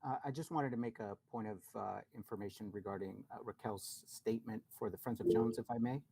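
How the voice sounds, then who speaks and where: A man at a school council meeting explaining a policy, halting and correcting himself as he goes. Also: lowish voice, gravelly, noisy background. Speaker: council member.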